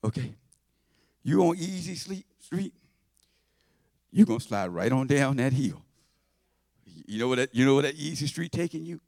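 A man preaching a sermon in church, folksy and conversational, swinging from shouts to low asides. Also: animated, normal speed, vocal fry, long pauses, no echo, studio quality. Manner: shouting and half-singing at high points, then dropping to low asides; conversational, folksy, with repetitions and laughter.

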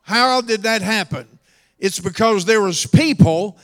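A high-pitched, gravelly middle-aged man delivers a slow, drawn-out sermon. He moves from hushed storytelling to shouted preaching, and his voice rings with the long reverb of a church hall. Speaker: pastor.

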